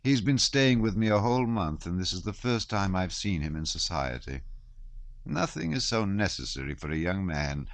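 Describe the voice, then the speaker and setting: A man voicing a worldly older prince who speaks with smooth courtesy. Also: low voice, big pitch swings, moderate pace, dry recording. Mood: courteous.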